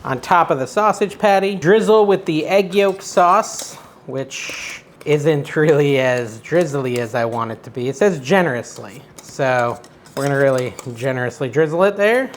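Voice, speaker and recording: A man's voice: fairly high pitch, expressive, normal speed, a little hiss or hum. A man hosting a casual cooking vlog from his kitchen, chatting as he cooks in an unsure, self-deprecating way. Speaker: cooking show host.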